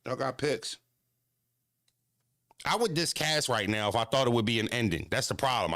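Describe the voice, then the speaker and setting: A man who battle raps, riffing to his live-stream audience in a loose, repetitive rant. His voice sits in a middle pitch, close and dry, and it jumps between low grumbles and high, animated outbursts. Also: no room sound.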